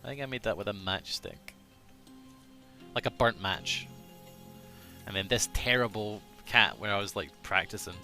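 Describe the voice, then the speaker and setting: A man's voice: on the low side, normal speed, long pauses, pushed and bright, faint music behind. A man chatting casually on a live game stream, rambling, self-deprecating and swearing freely, sometimes muttering to himself.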